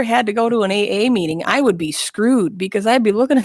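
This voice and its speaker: A woman's voice: medium pitch, a little fast, hardly any pauses, no room sound. A woman guest speaking frankly and bluntly in a casual interview chat, with self-mocking humor, in a small studio.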